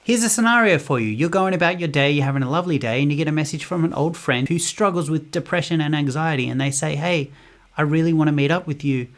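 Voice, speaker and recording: A man's voice: fairly high pitch, expressive, fairly bright tone. A man giving an indignant political commentary monologue. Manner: indignant, rapid-fire rhetorical.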